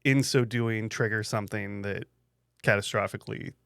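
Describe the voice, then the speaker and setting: Smooth-voiced, measured man co-host. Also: lowish voice, steady tone, a bit bright, dry recording, studio quality. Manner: measured and articulate. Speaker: podcast co-host. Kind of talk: casual chat.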